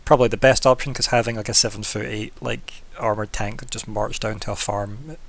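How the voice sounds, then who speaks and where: A man's voice: fairly low pitch, brisk, creaky, no echo. A man narrating as game master of a tabletop game, chatty and loose, with many fillers and frequent laughs.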